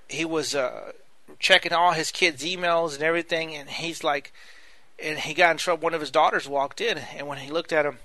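Bright-voiced preacher man in a dry room. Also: on the high side, no echo. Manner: earnest, repetitive, addresses listeners as "my friends". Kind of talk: sermon.

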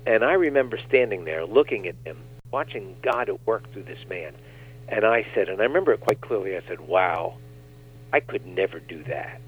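A man, a guest minister, telling animated stories on a talk show and acting out the quotes. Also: fairly low pitch, brisk, a little hiss or hum. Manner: animated storyteller, acts out quotes. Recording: tinny phone line.

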